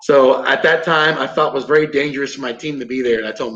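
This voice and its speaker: A man's voice: mid-range voice, quick pace, few pauses, a bit bright. A man, a podcast guest, telling a story casually with plenty of swearing and acted-out quotes. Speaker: podcast guest, combatives instructor. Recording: roomy, dull lo-fi sound.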